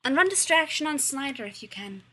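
A woman's voice: sits high, animated, a little fast, a bit bright, pitched above the performer's own voice. A woman reading the lines of a blunt, tough teenage girl who fights monsters, in a defiant way.

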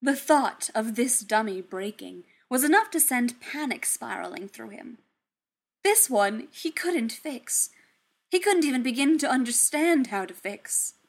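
Woman, story narration, soft, unhurried. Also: on the high side, expressive. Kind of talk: fan fiction reading.

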